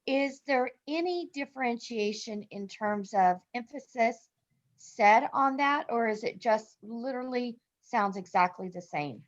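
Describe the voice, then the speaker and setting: A woman's voice: fairly high pitch, lively intonation, unhurried, dull audio. A woman student politely asking a question in an online class, apologizing as she speaks.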